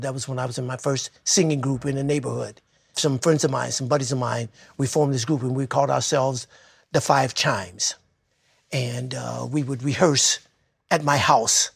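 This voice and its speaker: Gravelly older man telling his life story. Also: fairly high pitch, dry recording, studio quality. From Detroit. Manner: reflective, heartfelt, soft at times. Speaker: interviewee. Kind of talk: personal storytelling.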